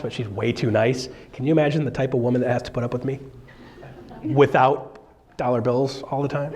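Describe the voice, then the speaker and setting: A middle-aged man coaching a live seminar, joking and acting out the voices of clients as he goes. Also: mid-range voice. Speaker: real estate coach.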